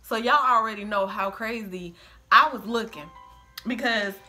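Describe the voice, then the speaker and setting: A middle-aged woman telling a story in a casual chat with her daughter, animated and acting out the quoted voices. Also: mid-range voice, moderate pace, soft background music. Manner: animated, acts out quoted voices, breaks into laughter. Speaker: storyteller, the host's mother.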